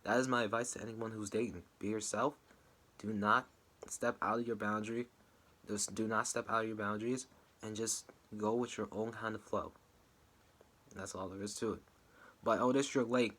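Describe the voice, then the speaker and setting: A young man talking casually as he recaps and reacts to a wrestling show, now and then breaking into a high, wailing mock-cry. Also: little pitch movement, moderate pace, long pauses, sharp tone.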